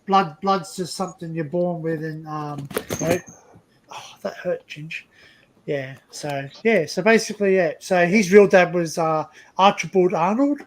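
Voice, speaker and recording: A man's voice: fairly high pitch, low-quality recording. A man hosting a casual livestream chat, telling a family story in a rambling way with many restarts. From Australia. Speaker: livestream host.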